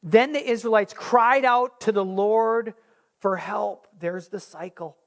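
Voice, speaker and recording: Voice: medium pitch, slow. Conversational Bible study teacher. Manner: conversational, restarts words, reads scripture aloud. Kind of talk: small group Bible teaching.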